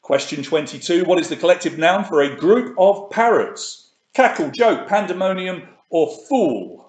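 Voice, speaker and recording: A man's voice: high voice, animated, moderate pace, reverberant. A man hosting a live online quiz, reading questions and answer options aloud in a chatty way. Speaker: quiz host.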